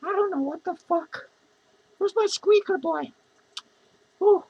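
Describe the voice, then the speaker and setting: A woman's voice: very high voice, slow, dull audio, heavily acted. A woman playing a drunk, lonely, foul-mouthed female clown who rambles and swears in a rambling character vlog. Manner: rambling, profane, giggly.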